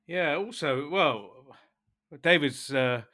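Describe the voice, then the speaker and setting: A man's voice: on the high side, expressive, slow pace, pushed and bright. A man co-hosting a sports podcast, bantering with his co-host and steering the talk with questions. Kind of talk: casual podcast chat.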